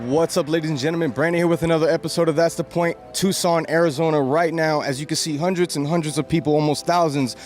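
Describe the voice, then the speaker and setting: A man's voice: a little high, steady tone, fast, hardly any pauses. A man filming street interviews at an outdoor rally, upbeat and friendly. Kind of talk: casual vlog interviews. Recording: loud music behind. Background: music.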